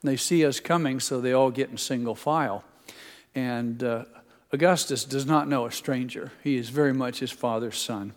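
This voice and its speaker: A man's voice: medium pitch, steady tone, moderate pace. An older man, a pastor, preaching a sermon in a homespun, teasing way, telling family stories to a congregation. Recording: long hall reverb.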